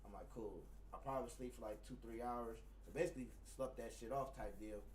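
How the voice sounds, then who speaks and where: A man's voice: medium pitch, brisk. A man in casual chat, telling a profane story and acting out heated exchanges. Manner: profane, animated storytelling, acts out heated quotes. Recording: distant mic, faint background noise.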